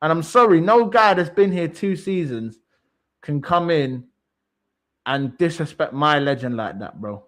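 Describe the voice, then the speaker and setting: A man's voice: fairly high pitch, lively intonation, measured pace, fairly bright tone. A man, co-hosting a football talk show in a heated, casual rant, emphatic and repetitive, swearing freely.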